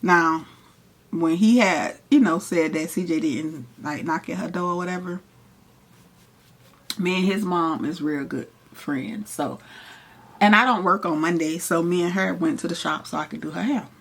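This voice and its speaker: A young woman, casually telling a profane, animated story while doing her makeup. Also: lowish voice, normal speed, slightly rough. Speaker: hairstylist and vlogger.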